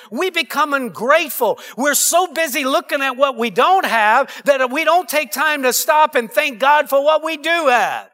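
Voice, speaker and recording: Guy preaching in church, real high pitched voice, calls for amens. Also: bright, forceful tone. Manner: preaching with call-and-response asides. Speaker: pastor. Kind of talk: sermon. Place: church sanctuary.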